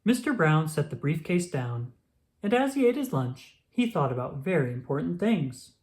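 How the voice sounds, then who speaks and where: Woman reading a picture book out loud, low voice that swoops around a lot, unhurried. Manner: expressive, slow and deliberate. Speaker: children's book reader. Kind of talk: storybook read-aloud.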